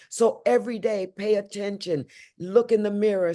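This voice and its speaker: An older woman from St. Louis, a guest talking emotionally in an interview, swinging from loud high exclamations to low hushed tones. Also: fairly even intonation, normal speed. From St. Louis, USA.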